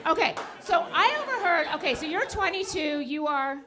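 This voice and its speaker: A woman's voice: very high voice, animated, moderate pace, sharp tone. A woman in her fifties doing a stand-up comedy set, teasing the crowd and laughing at her own jokes. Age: 50s.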